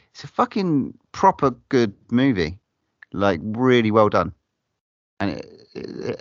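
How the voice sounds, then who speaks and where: A man's voice: on the low side, no echo, dull audio. A man chatting on a film podcast, hesitant with many fillers and some swearing. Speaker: podcast co-host. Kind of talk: casual film podcast chat.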